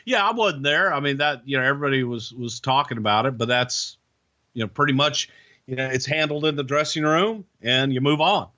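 A male guest rambles through anecdotes, leaning on fillers. His voice is bright, but the line is dull and lo-fi. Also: mid-range voice, brisk. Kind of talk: casual chat, anecdotes.

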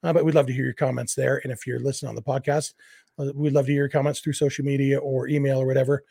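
A man's voice: medium pitch, little pitch movement, very fast, vocal fry, warm tone, husky, no echo, studio quality. A man in his forties hosting a sports podcast, talking in a chatty, conversational way with plenty of "uh" fillers. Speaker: podcast host. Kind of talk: casual podcast talk and read ads.

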